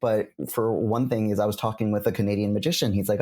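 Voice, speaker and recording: A young man, a magician guest, chatting casually with lots of filler words and lively quoting of his spectators. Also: fairly low pitch, fast. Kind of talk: casual conversation.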